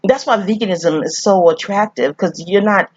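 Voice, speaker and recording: A woman's voice: mid-range voice, normal speed, darkish tone, dry recording. A groggy woman from New York rambling through a movie review, profane and digressive. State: groggy, sleepy. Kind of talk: rambling casual monologue. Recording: slightly dull, dry recording.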